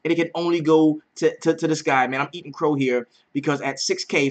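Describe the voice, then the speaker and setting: Animated, slangy man breaking down fantasy picks. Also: a little high, fairly quick, hardly any pauses. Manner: animated, slangy, swears freely. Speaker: daily fantasy sports host. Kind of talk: casual sports betting breakdown.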